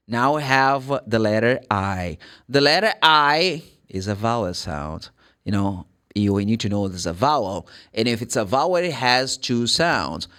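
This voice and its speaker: A Brazilian man in his thirties with a Portuguese accent, teaching English sounds in a relaxed, chatty way. His pitch sits in the middle, and he swings up high and drops low as he drills each sound again and again. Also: a little slow. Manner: animated, repeats sounds with rising emphasis. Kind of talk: casual pronunciation lesson.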